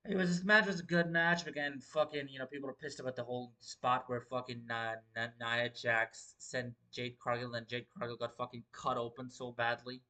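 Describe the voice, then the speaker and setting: Young male livestream host, loose and profane, rambling commentary, mid-pitched voice. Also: flat delivery, fairly quick, hardly any pauses, sharp tone. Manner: profane, rambling, repeats filler words. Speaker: wrestling show host.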